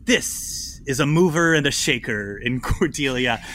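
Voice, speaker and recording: Man, game master, playful narration, animated pitch, bright tone. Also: measured pace, a little hiss or hum. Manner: laughing, loose, playful narration.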